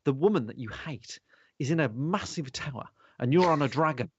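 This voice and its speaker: Male podcast host, animated and foul-mouthed, middle pitch, muffled dry recording. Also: brisk, slight background noise. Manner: animated, sweary, rambling. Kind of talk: casual podcast chat. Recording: dull lo-fi sound.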